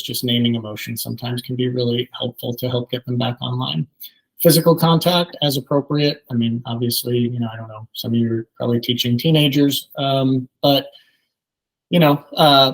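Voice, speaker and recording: Male therapist in his 30s, relaxed presenter, frequent fillers, mid pitch. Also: rough recording. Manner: many ums, conversational teaching. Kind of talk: training presentation.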